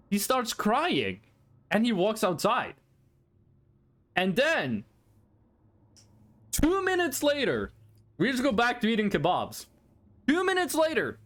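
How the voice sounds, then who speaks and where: Animated, high-voiced male streamer telling a story. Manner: profane, animated anecdote with many restarts. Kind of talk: casual storytelling on a live stream.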